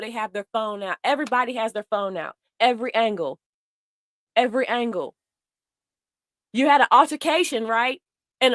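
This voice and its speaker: A woman's voice: on the high side, bright, forceful tone, no room sound, studio quality. A woman doing heated commentary, blunt and profane, speaking straight to her viewers in a way. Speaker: commentary host. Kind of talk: casual commentary.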